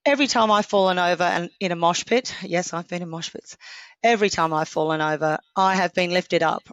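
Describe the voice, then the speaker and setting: A woman in her forties from Australia talks as a podcast guest in a slightly low voice. She tells her stories with lively energy and acts out what people said. The sound is dry and close. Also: a little fast, no echo, dull audio. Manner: lively storyteller, acts out quotes. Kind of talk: casual interview chat.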